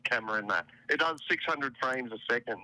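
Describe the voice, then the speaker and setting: An Australian man calls into a live show, his bright, sharp-edged voice coming through a thin call line. He talks in a dry, teasing way. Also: medium pitch, a little fast, dry recording, low-quality recording. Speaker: caller. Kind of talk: casual phone call-in.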